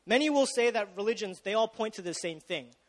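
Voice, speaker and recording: A man's voice: high-pitched, lively intonation, fairly quick, fairly bright tone, long reverb tail. A young man preaching a sermon in a casual, chatty way, often asking the audience questions and restarting his sentences.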